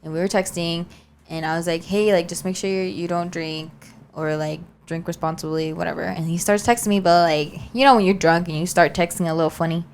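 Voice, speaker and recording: A young woman co-hosting a podcast, telling a story in a chatty, animated way with lots of fillers. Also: on the low side, brisk, slight background noise. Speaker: podcast co-host. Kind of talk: casual storytelling chat.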